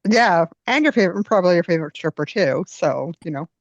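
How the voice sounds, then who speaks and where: A woman's voice: lowish voice, expressive, fast, no room sound. Teasing woman, dull dry sound. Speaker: podcast co-host. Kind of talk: casual chat.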